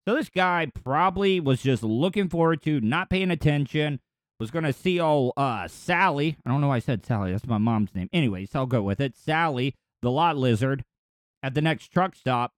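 A podcast host riffs over news clips with rambling commentary and crude joking asides. He has a mid-range voice with lively intonation at a normal pace, recorded in clean studio sound with no room noise.

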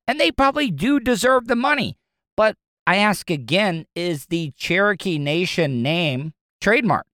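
A man's voice: high voice, animated, normal speed, a bit bright, dry recording, studio quality. Blunt Southern radio host man. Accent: Southern American. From American South. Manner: blunt, rambling, conversational. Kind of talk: opinionated talk radio monologue.

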